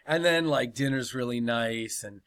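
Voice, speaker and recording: A man's voice: medium pitch, normal speed, a bit bright. A man hosting a comedy podcast, telling a crude story with plenty of swearing and laughter.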